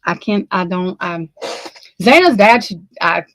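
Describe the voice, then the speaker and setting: A woman giving shaken, emotional true crime commentary, halting and stammering, swearing, close to tears. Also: on the low side, animated, fairly bright tone, dry recording, poor audio.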